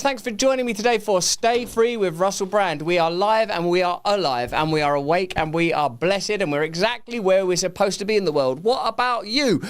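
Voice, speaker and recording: A man's voice: high voice, a bit bright, clean tone. A middle-aged English man hosting a live talk show, riffing playfully and rambling with his studio crew. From England. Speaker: host. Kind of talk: casual live show chat.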